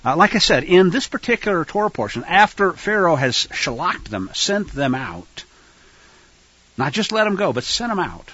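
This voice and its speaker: A man teaching scripture to a fellowship, animated and acting out quoted lines. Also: fairly high pitch, normal speed, breathy edge, dry recording, lo-fi sound.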